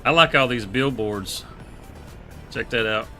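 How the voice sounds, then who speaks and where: Man, bright forceful voice, relaxed laughing gameplay chatter, faint music behind. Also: medium pitch, measured pace. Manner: laid-back, laughing, drawling country talk. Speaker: streamer. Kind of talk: casual live gameplay chat.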